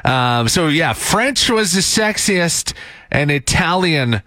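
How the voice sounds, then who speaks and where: A man's voice: fairly high pitch, lively intonation, slow, bright, forceful tone, no room sound. A man hosting a morning radio show, chatty and teasing his co-hosts.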